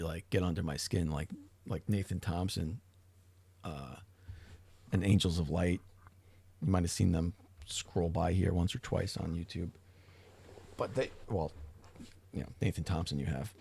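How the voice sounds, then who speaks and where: Gravelly-voiced man rambling on a livestream. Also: low voice, normal speed, long pauses, a little mellow, dry recording. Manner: rambling, profane, self-interrupting. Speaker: livestream host. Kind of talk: casual livestream chat.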